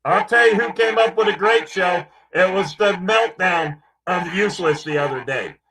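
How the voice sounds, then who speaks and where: Husky man mockingly addressing "ladies and gentlemen". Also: sits high, normal speed, rough recording. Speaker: co-host. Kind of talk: mocking showman commentary.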